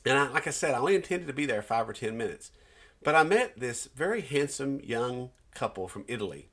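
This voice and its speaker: A middle-aged man, a Christian minister, giving an earnest personal testimony, with pauses and restarts as he tells a story. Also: medium pitch, very animated, a bit bright.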